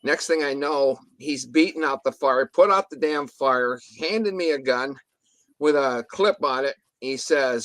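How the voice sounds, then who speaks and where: A man's voice: medium pitch, a little slow, a bit bright, no echo. A man telling a story in a casual interview, rambling with restarts and mild swearing, acting out what others said. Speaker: guest telling an encounter story.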